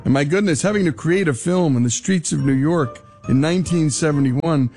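An enthusiastic male radio host delivering emphatic commentary in a gravelly, mellow voice pitched a little high. Faint music plays underneath. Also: moderate pace. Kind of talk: broadcast commentary.

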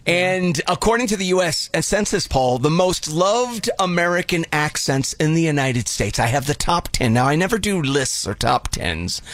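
A man's voice: fairly high pitch, animated, normal speed, few pauses, a bit bright. A man hosting a radio show, upbeat and laughing as he runs through a list. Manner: upbeat, laughing, a bit rambling. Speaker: radio host. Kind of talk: morning radio banter.

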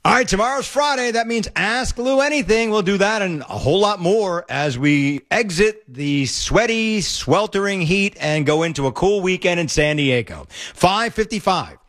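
A man's voice: high-pitched, expressive, moderate pace, fairly bright tone. A man hosting a talk radio show, opinionated and laughing often. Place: radio studio.

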